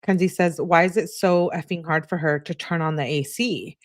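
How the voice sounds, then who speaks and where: A woman's voice: lowish voice, steady tone, normal speed, dry recording, clean studio sound. A woman hosting a true-crime channel, reading text messages aloud and adding chatty asides between the lines.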